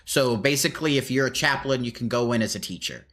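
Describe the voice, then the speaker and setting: A man in casual chat, explaining his opinions at length and acting out quick voices. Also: mid-range voice, a bit bright, a little hiss or hum.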